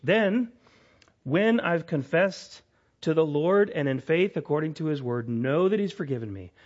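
A man preaching a sermon with a voice that sits a little high. He is earnest, lifting his voice to stress his main points. The recording sounds dull and lo-fi. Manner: earnest, rising to emphatic peaks, drops soft for quoted apologies. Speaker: pastor.

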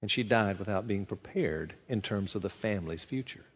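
A man's voice: lowish voice, normal speed, husky. A man preaching a sermon in an earnest, conversational way, asking rhetorical questions as a pastor. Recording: dull sound with long hall reverb.

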